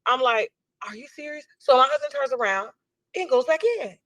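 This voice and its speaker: A woman animatedly recounts an incident, acting out the people in it with shifting voices. Her voice sits high, with a moderate pace and a fairly bright tone.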